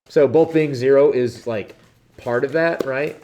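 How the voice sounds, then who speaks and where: A man with a Midwestern accent, teaching a math review lesson in a classroom, animated and joking as he talks through each step. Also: medium pitch, a little slow, faint music behind. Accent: Midwestern American. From Midwestern United States.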